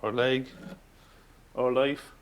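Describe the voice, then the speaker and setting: A man's voice: medium pitch, steady tone, takes it slowly, clean tone. An Irish man, a farmer, speaking plainly and earnestly in an interview. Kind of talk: documentary interview.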